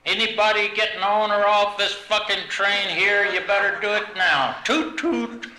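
A foul-mouthed little boy, as a man puts him on, yells sing-song train calls in a squeaky, far-up voice. The sound echoes around a big roomy hall. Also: moderate pace, a little hiss or hum, close to an everyday voice. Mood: bratty. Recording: roomy live banquet hall.

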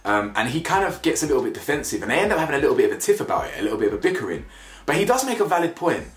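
A man's voice: fairly high pitch, sing-song, very fast. A man giving blunt, slangy commentary on a reality show, repeating himself for emphasis. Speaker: reality TV reviewer. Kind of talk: casual opinionated commentary. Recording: echoey room with faint music.

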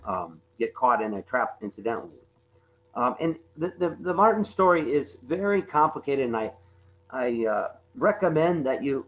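Male presenter, mid pitch, walks through wildlife slides in a halting, filler-heavy way; dull lo-fi audio with a faint hum. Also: fairly bright tone. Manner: halting, repeats words, many fillers. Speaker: conservation presenter.

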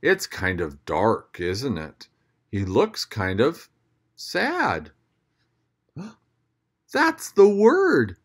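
A children's church storyteller reading a picture book aloud and talking directly to kids, with gasps and an animated manner. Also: mid-range voice, very slow, pauses often, slightly rough.

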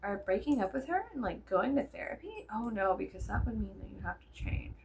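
A woman's voice: mid-range voice, very animated, brisk, vocal fry, darkish tone, slight background noise. A tired young woman rambling to her viewers in a casual vlog, swearing a lot and joking sarcastically. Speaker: vlogger. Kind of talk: casual chat to camera.

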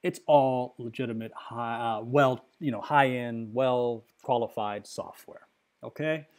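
A man's voice: medium pitch, unhurried, darkish tone. Agitated middle-aged man ranting to viewers. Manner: agitated, rambling, addresses viewers directly; frequent tag questions and fillers. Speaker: computer user demonstrating a software crash. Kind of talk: screen-recording rant.

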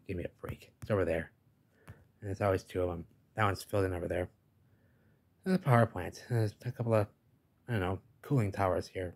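A man's voice: fairly low pitch, a little mellow. A man narrating over pictures in a rambling way, often tacking on "baby" and "give me a break," and he says he is losing his voice. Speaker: video host.

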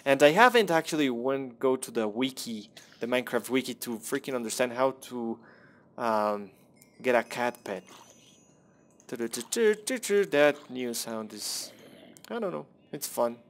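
Young guy gaming, talks slow, mumbly rambling, cusses at the game a lot. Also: medium pitch, animated. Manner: rambling, self-deprecating, swears at the game. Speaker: gameplay commentator. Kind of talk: casual gameplay commentary.

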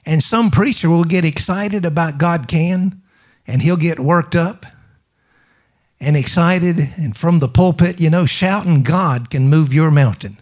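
A middle-aged man preaches emphatically in a slightly high, slightly mellow voice, a little slow in pace. He poses rhetorical questions, echoes his own phrases, and invites the congregation's answers in call-and-response.

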